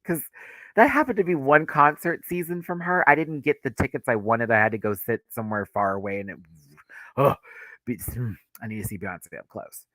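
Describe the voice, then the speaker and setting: Excitable male streamer, bright and animated, gushing fan chat, dry close sound. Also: mid-range voice, fairly quick, dry recording. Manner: excitable, gushing, laughs often. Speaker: livestream host.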